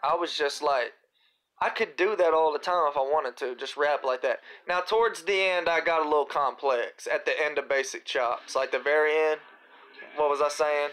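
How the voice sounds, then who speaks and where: A man's voice: on the high side, normal speed, soft background music, rough recording. A young man hosting a live Q&A, talking casually and with slang about his own raps. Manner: relaxed, slangy, reciting his own rap lines. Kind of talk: casual livestream chat.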